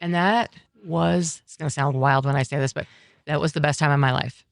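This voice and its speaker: A middle-aged woman talking earnestly as a podcast guest, telling a personal story in halting, reflective sentences. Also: deep voice, steady tone, creaky, no echo. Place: coffeehouse.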